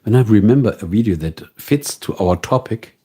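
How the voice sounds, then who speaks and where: A man's voice: fairly low pitch, expressive, moderate pace, warm tone, breathy edge. A man with a German accent, a native German speaker, chatting casually with viewers as a livestream host and answering their questions.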